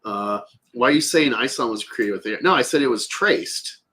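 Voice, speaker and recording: Husky-voiced man rambling in casual chat. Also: mid-range voice, animated, normal speed, sharp tone. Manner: rambling, filler-heavy, profane.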